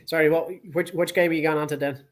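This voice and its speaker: Sweary Dublin man, fairly high voice. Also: little pitch movement, quick pace. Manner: blunt and sweary, heated. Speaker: podcast co-host. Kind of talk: casual sports chat.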